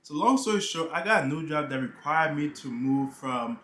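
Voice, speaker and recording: A man's voice: a little high, expressive, moderate pace, a bit bright, reverberant, slight background noise. A young man from New York chatting casually in a vlog, joking around and leaning on "you know" asides. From New York, United States. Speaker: YouTuber. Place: half-unpacked room with boxes and bags.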